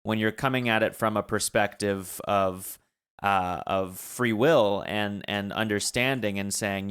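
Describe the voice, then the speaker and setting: Reflective young man, smooth voice. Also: lowish voice, fairly even intonation, a little slow, fairly bright tone. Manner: reflective, with many restarts and fillers. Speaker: podcast co-host, son. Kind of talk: casual chat.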